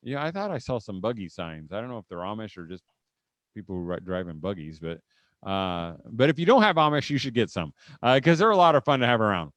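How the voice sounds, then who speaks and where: A man's voice: fairly low pitch, sing-song, fairly quick, fairly bright tone, no echo. A middle-aged man from Indiana giving a humorous parenting talk to a live audience, telling folksy anecdotes and chuckling often. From Indiana, USA. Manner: folksy anecdotal storytelling, chuckles often, acts out family moments. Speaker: conference speaker.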